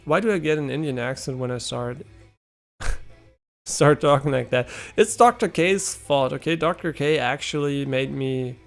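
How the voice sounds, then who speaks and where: A young man streaming live, giving casual gameplay commentary, excitable and swearing a lot as he talks to his chat. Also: medium pitch, moderate pace, vocal fry.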